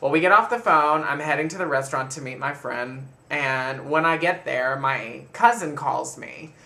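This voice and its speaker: Gravelly, bright-voiced man telling a story. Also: mid-range voice, normal speed. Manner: chatty, animated retelling with frequent laughs. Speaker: vlogger. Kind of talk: casual storytelling monologue to camera.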